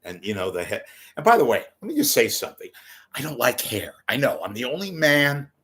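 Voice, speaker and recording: A man's voice: medium pitch, sing-song, a little fast, a bit bright. A man talking into the camera in a rambling, jokey commentary, swearing and drifting between asides. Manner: jokey, digressive, swearing, bursts into silly voices. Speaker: commentary vlogger. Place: home room with TV monitor behind.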